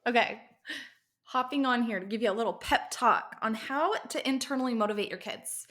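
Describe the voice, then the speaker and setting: A woman's voice: fairly high pitch, normal speed, fairly bright tone. Chatty woman giving a parenting pep talk. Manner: chatty storytelling with many asides. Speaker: parenting podcast host.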